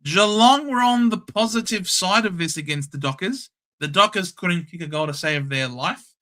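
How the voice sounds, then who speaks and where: A young Australian man hosting a casual live watchalong, calling the play in a chatty, excitable and blunt way. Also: sits high, normal speed. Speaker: host. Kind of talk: casual live match commentary.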